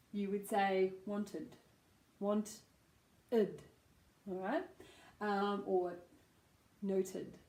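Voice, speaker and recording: An Australian woman coaching pronunciation at an unhurried, deliberate pace, drawing out example sounds and filling gaps with ums and laughs. Her voice carries a roomy echo. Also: medium pitch, a little mellow. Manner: chatty, demonstrates sounds slowly with frequent ums and laughs. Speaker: accent coach. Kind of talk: pronunciation lesson.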